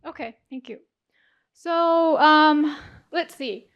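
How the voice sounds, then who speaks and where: A woman judge puts questions to a student and patiently rephrases them when he is unsure. Her voice sits somewhat high and stays measured and clear. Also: highs cut off. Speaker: contest judge asking questions. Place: conference hall.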